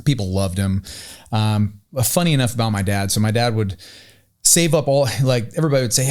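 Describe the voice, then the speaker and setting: A man from Pennsylvania, a guest on a podcast, telling stories from his life in a casual, animated way with plenty of "um" and "uh.". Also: medium pitch, fairly quick. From Pennsylvania, USA. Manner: animated anecdotes, acting out quoted voices with "um" and "uh" fillers. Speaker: podcast guest, company founder. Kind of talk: casual storytelling.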